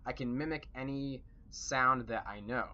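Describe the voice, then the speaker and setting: A man's voice: medium pitch, a little slow, pushed and bright, muffled recording. A man playing a cocky young sorcerer adventurer, quoted in casual tabletop game talk.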